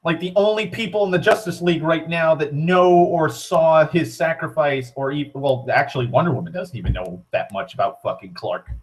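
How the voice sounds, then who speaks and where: A man's voice: on the high side, expressive, moderate pace, hardly any pauses. A young man giving a rambling casual rant, swearing often, leaning on "like" and restarting his sentences. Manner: rambling, profane, heavy on "like", frequent restarts. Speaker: vlogger.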